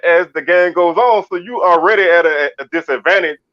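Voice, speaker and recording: This co-host of an easygoing sports talk show comes from Baton Rouge, Louisiana, and speaks briskly in a high voice. He tends to restart and repeat himself as he chats. The sound is dry, dull, and lo-fi.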